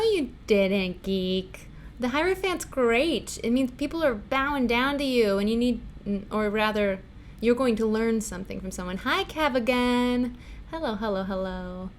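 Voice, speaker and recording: A woman's voice: a little high, expressive, unhurried, a little hiss or hum. Giggly chatty woman livestream host. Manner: giggly and chatty, answering chat. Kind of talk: casual chat reading tarot for viewers.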